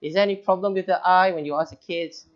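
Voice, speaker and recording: A man's voice: sits high, steady tone, quick pace, dull audio. A man with a Malaysian English accent, a teacher trainer explaining essay feedback in a chatty, joking way. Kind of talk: webinar on teaching writing.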